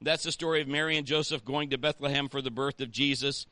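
A man's voice: mid-range voice, fairly even intonation, fast talker, sharp tone, no room sound. A man, a pastor, preaching a sermon in a conversational way and rallying the congregation with call-outs.

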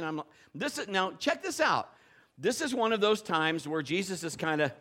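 A man's voice: high-pitched, expressive, moderate pace, fairly bright tone. A middle-aged man, a pastor, telling a funny story in a sermon and acting out the voices, laughing often.

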